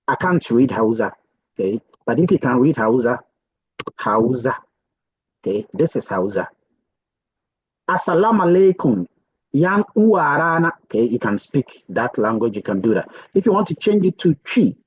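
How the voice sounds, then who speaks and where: Husky man giving a lively casual tutorial. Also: medium pitch, no echo, lo-fi sound. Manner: chatty, thinking aloud with many "okay"s. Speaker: software tutorial presenter. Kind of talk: casual screen-share tutorial.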